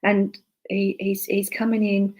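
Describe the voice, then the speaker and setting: A woman working as a spiritualist medium, passing on spirit messages in a live online service. She speaks haltingly, with many fillers and restarts, and murmurs softly to herself between messages. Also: mid-range voice, level tone, low-quality recording. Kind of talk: live online clairvoyance demonstration.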